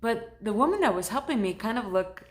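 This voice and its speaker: A woman who works as a shaman, recounting a personal story in a conversational, animated way. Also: a little high, fairly quick.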